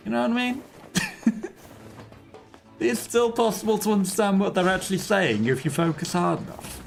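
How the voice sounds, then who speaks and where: A man's voice: sits high, normal speed, vocal fry, pauses often, soft background music. A man casually chatting on a game livestream, rambling and chuckling often between remarks. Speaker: game streamer.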